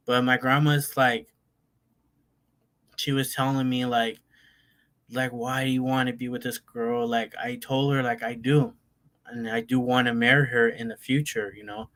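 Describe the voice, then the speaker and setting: Young man, rambling casual storytelling, bright forceful voice. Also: mid-range voice. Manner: rambling, many fillers and restarts. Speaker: vlogger.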